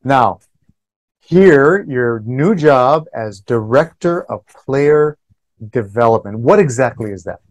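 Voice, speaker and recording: A friendly man hosts a relaxed radio interview. He poses long, meandering questions and chuckles now and then, with a voice of ordinary male pitch. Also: takes it slowly. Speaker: radio show host, interviewer.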